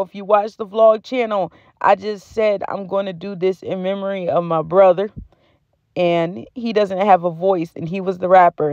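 A woman's voice: medium pitch, a little mellow, no echo. A woman vlogger from the United States, chatting casually and slangily straight to her viewers about deals and her life. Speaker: beauty and home-goods vlogger. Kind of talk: casual chat to camera. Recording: dry, slightly muffled sound.

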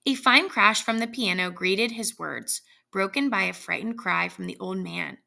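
Gravelly-voiced woman reading a story. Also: mid-range voice, moderate pace. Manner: plain, steady narration with casual asides. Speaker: reader.

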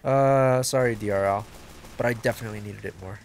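A man giving casual, excitable gameplay commentary as a video host, swearing and joking to himself. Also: fairly low pitch, brisk, a little hiss or hum. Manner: excitable, yells and swears at the game; jokey self-talk.

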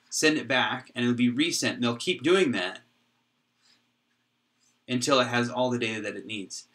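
A man giving a whiteboard tutorial on how his software works, thinking aloud with frequent restarts and pauses. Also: mid-range voice. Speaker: software developer explaining his code. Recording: voice from a distance off the mic.

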